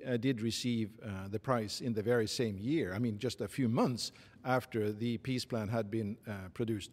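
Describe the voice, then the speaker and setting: A man with a Norwegian accent giving formal interview answers in a halting, measured way, with many pauses and fillers. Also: mid-range voice, a little mellow. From Norway. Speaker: interviewee, committee secretary. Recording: long reverb.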